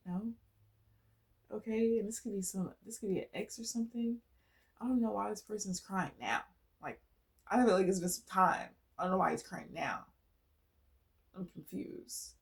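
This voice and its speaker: A woman in the middle of a casual tarot reading, with a voice at an ordinary pitch for a woman. She talks in a loose, conversational way, drifting from soft, thoughtful murmurs to loud, forceful declarations. She swears freely and breaks into laughter often. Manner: chatty, blunt and profane, laughs often, swings from quiet musing to loud emphatic bursts. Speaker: tarot reader.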